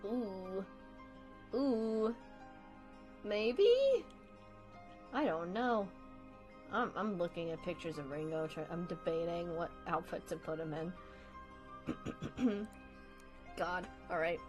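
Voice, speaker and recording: A woman's voice: mid-range voice, fairly even intonation, slow, long pauses, a bit bright, soft background music, rough recording. A woman livestreaming as she draws, chatting casually with her viewers, laughing often, swearing casually and apologizing with a self-deprecating tone. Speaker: livestreamer drawing for chat.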